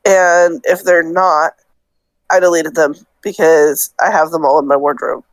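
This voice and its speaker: A woman with a somewhat low voice explaining things plainly on a gaming podcast. She is playful, and the dry, close sound carries her easy tone. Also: fairly even intonation, a little slow, dry recording, low-quality recording. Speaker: podcast co-host. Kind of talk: casual chat.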